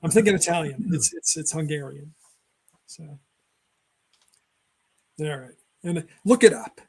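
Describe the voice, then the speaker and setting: A man's voice: a little high, expressive, a little slow, a little mellow, husky. A man co-hosting a casual film chat show, rambling through trivia with many fillers and self-corrections. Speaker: podcast co-host.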